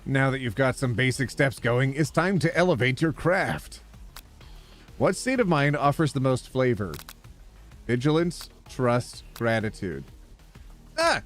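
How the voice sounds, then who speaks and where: A man from Canada reads a game's text aloud on stream, cracking jokes and laughing as he goes. His voice sits at an ordinary middle pitch, with faint music under the game. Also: big pitch swings, measured pace. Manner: playful, joking, laughs often. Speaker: gaming streamer. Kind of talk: casual let's-play, reading game text aloud.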